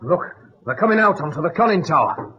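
An anxious young ship's officer. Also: male voice, a little high, big pitch swings, brisk, sharp tone, slightly rough, full character voice. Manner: eager and nervous. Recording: dull old radio broadcast.

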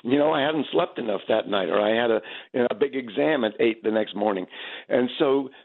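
A man's voice: medium pitch, a little fast, creaky. A man in his seventies, a stage actor, talking reflectively in an interview and often restarting his sentences. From United States. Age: 70s. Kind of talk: interview over the phone. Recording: tinny phone line.

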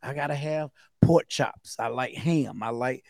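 A man's voice: medium pitch, measured pace, gravelly, a little mellow, dry recording, clean studio sound. A man from the American South, co-hosting a podcast in loose, rambling, jokey casual chat. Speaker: podcast co-host.

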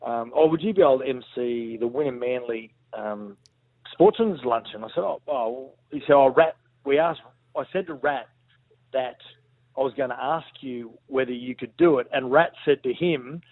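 A man's voice: mid-range voice, moderate pace, no echo. An Australian man calling in to a sports radio show, telling a story in a wry, joking way. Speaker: guest caller, regular contributor. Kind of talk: casual phone chat. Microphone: phone line. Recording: slightly dull phone line.

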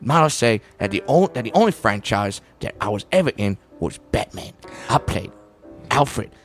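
A man's voice: lowish voice, sing-song, moderate pace, soft background music, pitched below the performer's own voice. A man doing a huffy old classically trained actor. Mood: affronted. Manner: huffy, affronted. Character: pompous elderly male British actor. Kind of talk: improvised comedy sketch.

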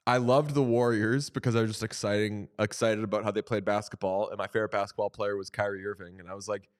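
A man co-hosting a sports podcast in casual chat, joking and animated, often slipping into quoted voices. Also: lowish voice, fast talker, hardly any pauses, clean tone. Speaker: podcast co-host.

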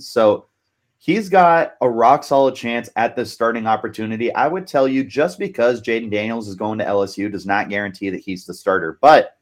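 A man hosting a casual sports podcast, bantering playfully and teasing his co-host. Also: medium pitch.

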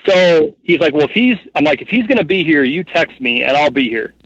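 A man in his thirties rambles through a story as an interview guest, packing his talk with fillers and tangents. His voice sits a touch high for a man. The sound is dry and a little dull. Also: brisk, husky, dry recording. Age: 30s. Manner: rambling, animated, heavy with fillers like "like" and "you know what I mean". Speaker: guest, hunting guide and cameraman.

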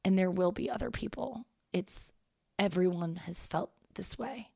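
A woman's voice: mid-range voice, measured pace, vocal fry, mellow, slightly rough, no room sound, clean studio sound. A young woman hosting a casual advice podcast, frank and profane, talking a listener through heartbreak in a reassuring way. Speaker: podcast host giving advice.

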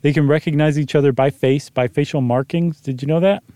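A man's voice: fairly high pitch, steady tone, brisk, dark tone, no echo. A man co-hosting a podcast in casual chat, easygoing and rambling, with plenty of filler words. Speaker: podcast co-host.

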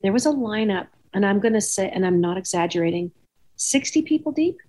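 Husky-voiced woman telling rambling stories. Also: mid-range voice, expressive, a little fast, mellow. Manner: rambling anecdotal storyteller, acts out dialogue. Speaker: podcast host. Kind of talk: casual chat.

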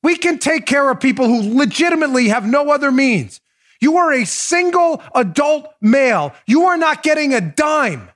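A middle-aged male political host in a full-throated rant, his voice pushed very high and swinging wildly in pitch. He's blunt and profane and hammers the same short commands over and over. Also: big pitch swings, normal speed. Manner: shouting, repetitive, blunt and profane. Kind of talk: ranting political commentary.

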